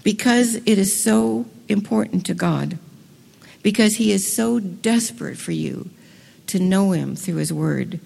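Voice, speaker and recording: A woman giving an enthusiastic talk to a women's gathering, moving between hushed, slow passages and excited bursts. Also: medium pitch, gravelly, breathy edge. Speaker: speaker at a women's event. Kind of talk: sermon. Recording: long reverb of a hall.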